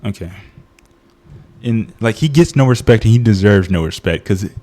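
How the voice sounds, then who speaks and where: A man's voice: lowish voice, expressive, a little fast, warm tone. A man giving a casual, comedic movie review, ranting in exasperation, often laughing and restarting his sentences.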